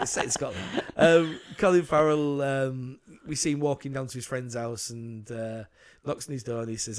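A man's voice: mid-range voice, flat delivery, normal speed. A man co-hosting a casual film chat, rambling as he retells scenes and quotes the characters' lines. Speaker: podcast co-host.

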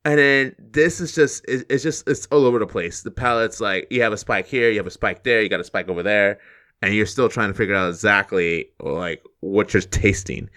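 A man co-hosts a live-streamed podcast in a casual, easygoing chat, chuckling often and using many fillers. His voice is lowish, brisk and a bit bright.

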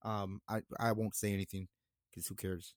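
A young man hosting a casual podcast chat, excitable and laughing, often repeating his words. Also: fairly low pitch, normal speed, dry recording, clean studio sound. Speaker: podcast host.

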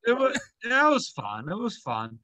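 A man in casual chat, telling a story in halting bursts full of "yeah" and "uh". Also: sits high, huge pitch swings, sharp tone.

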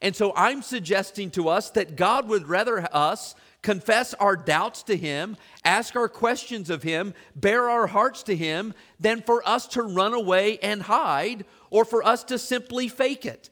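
A man's voice: high voice, measured pace, hardly any pauses, fairly bright tone. A man preaching as a church pastor, earnest and questioning, piling up long lists and repeating his questions to the congregation. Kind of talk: sermon.

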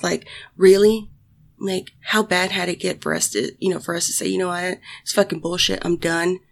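A woman vlogger telling a personal story to her audience, halting with many fillers and restarts, swearing often and sighing. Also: medium pitch, creaky. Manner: emotional, sighing.

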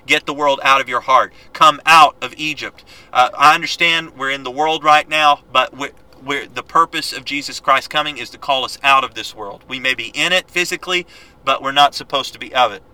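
A man teaching a Bible lesson, reading scripture aloud and exhorting his listeners in an earnest, quick-paced way with frequent restarts. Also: medium pitch, sharp tone, poor audio.

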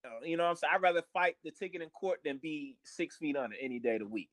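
A young man chatting on a podcast with a slightly high voice, blunt and full of curses. He restarts sentences, repeating words before landing his point. The sound is close and dry. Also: lively intonation, fast, fairly bright tone, no echo. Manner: blunt, profane, repeats words when starting. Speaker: podcast co-host. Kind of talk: casual chat.

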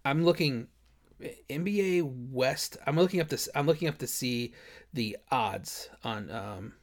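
A man's voice: mid-range voice, unhurried. A man co-hosting a podcast, chatting casually about sports, rambling, often laughing and restarting his sentences. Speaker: podcast co-host.

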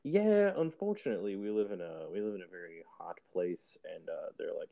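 A man's voice: deep voice, lively intonation, fairly quick, hardly any pauses. A young man joining a radio show remotely, making wry, dry jokes. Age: young adult. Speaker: guest, host's younger brother. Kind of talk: casual chat. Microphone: remote call app. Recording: thin phone-like line over a remote app.

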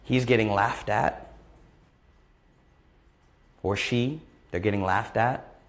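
A man's voice: fairly low pitch, slow pace. A man in his thirties hosting a live question-and-answer stream, talking bluntly and passionately and repeating phrases for emphasis. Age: 30s. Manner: impassioned, emphatic, gets worked up. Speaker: host of a live Q&A. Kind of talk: live-stream motivational talk.

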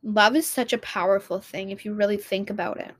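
A woman's voice: medium pitch, steady tone, a little fast, no room sound. A young woman vlogging in a casual, heartfelt monologue, rambling and restarting her sentences and swearing casually.

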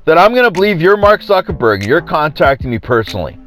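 A man hosts a podcast in a loose, sarcastic monologue. His pitch swings widely as he mocks and laughs at his own jokes. Faint music plays underneath. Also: big pitch swings, fast talker, fairly bright tone. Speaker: podcast host. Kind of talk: casual monologue storytelling.

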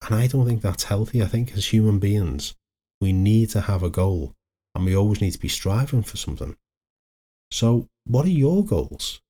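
A man's voice: lowish voice, animated, normal speed, warm tone. A middle-aged man, hosting a solo motivational podcast in a chatty, anecdotal way that wanders into side stories. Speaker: podcast host, life coach.

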